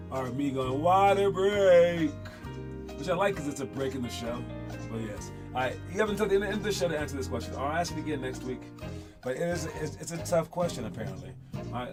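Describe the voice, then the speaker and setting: A man hosting a basketball show, talking casually over game clips and coaching young players in an animated, rambling way with frequent laughs. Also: medium pitch.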